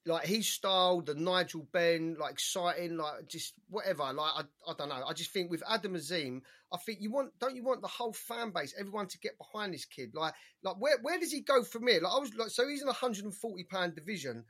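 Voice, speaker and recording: A young man holds forth on boxing in a relaxed podcast chat, high in pitch and bright in tone. There is a husky edge to his voice as he stacks up opinions and reels off lists of fighters. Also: a little fast, hardly any pauses. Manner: animated, opinionated, rattles off names. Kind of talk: casual chat.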